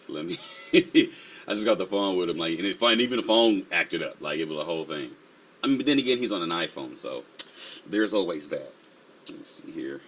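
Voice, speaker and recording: A man's voice: low-pitched, animated, brisk, fairly bright tone, a little hiss or hum. A man hosting a casual live stream, full of energy, laughing often and reading the chat aloud. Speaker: livestream host.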